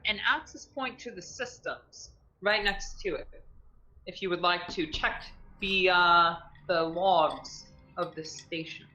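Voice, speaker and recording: A woman running a tabletop game as game master, narrating with many halting ums and restarts. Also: on the low side, sharp tone, lo-fi sound.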